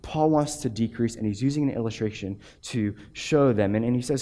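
A man in his thirties preaching a sermon as a pastor, animated, often repeating words and acting out quotes. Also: mid-range voice, a little fast.

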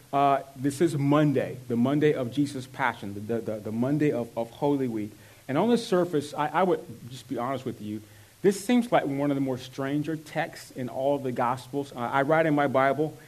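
A man's voice: a little high, darkish tone. A man preaching a sermon as a pastor, conversational, with asides and restarts.

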